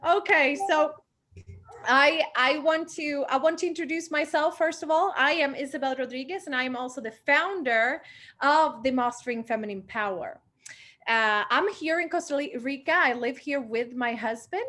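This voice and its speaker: Young woman host on a video call, a bit breathless, effusive, slightly high voice. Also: normal speed, sharp tone. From Sweden. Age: 20s. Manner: upbeat and effusive, repeats words for emphasis. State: short of breath. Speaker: retreat founder and confidence coach hosting a meeting.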